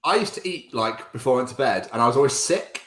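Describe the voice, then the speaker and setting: A man chatting casually on a podcast, playful and quick to laugh. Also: medium pitch. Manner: giggly, playful, animated storyteller.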